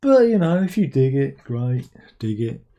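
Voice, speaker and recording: A man's voice: mid-range voice, sing-song, measured pace, warm tone, highs cut off. A man hosting a casual livestream, reading out viewer comments with wry, rambling asides. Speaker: livestream host.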